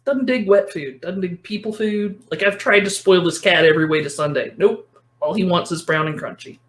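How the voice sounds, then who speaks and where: A woman's voice: on the low side, normal speed. A woman chatting as a podcast guest, rambling along and correcting herself as she talks. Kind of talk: casual chat.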